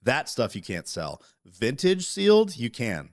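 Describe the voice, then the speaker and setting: A man chatting casually as a podcast co-host, animated and profane, talking over interruptions. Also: medium pitch, a little slow, dry recording, clean studio sound. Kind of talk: casual chat.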